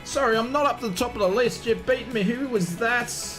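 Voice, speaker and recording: A man's voice: very high-pitched, brisk, pushed and bright, faint music behind. An Australian man live-streaming a flight simulator, chatting casually and greeting viewers by name.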